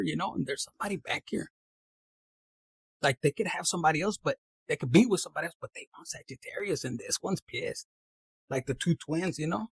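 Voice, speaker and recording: Man, casual tarot reading, animated and slangy, husky, dry close sound. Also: a little high, a little fast, long pauses, no room sound, poor audio. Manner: animated, slangy, mixes in Spanish phrases. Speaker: tarot reader.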